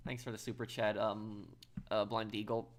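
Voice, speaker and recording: A man's voice: lowish voice, flat delivery. A man streaming a video game, chatting casually with viewers, often repeating words and stopping to read comments aloud. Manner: halting, repeats words, reads chat aloud. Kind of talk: casual live-stream chat.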